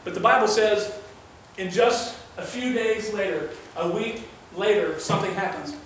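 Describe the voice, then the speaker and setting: A male pastor with a high-pitched voice preaches at a moderate pace, earnest and conversational, weaving scripture readings into his sermon. The room is very echoey and the mic sits far away, with a little hiss or hum.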